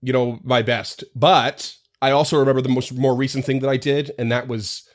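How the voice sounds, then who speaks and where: Male game master in casual podcast chat, reflective and rambling, quick to laugh. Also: medium pitch, fairly even intonation.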